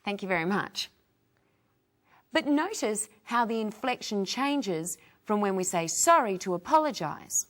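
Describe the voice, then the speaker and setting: Slow, careful woman teacher. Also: medium pitch, expressive, a bit bright. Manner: clear, careful modelling of phrases. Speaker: English teacher, co-host. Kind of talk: slow teaching with repeat-after-me drills.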